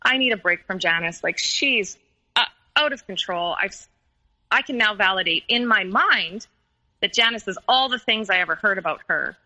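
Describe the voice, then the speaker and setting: A woman's voice: mid-range voice, bright, forceful tone, low-quality recording. A woman recounting a painful personal story in an interview, hesitant and full of fillers and restarts. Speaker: guest telling her story.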